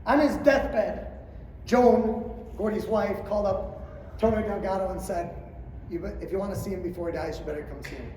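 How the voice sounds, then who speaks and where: Middle-aged male clinic speaker, high voice, storytelling talk heard from a distance in a big room. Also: normal speed, a little hiss or hum. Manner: storytelling, acting out quotes, swings from quiet to shouting. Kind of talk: motivational speech to coaches. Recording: roomy hall, distant mic, faint ambience.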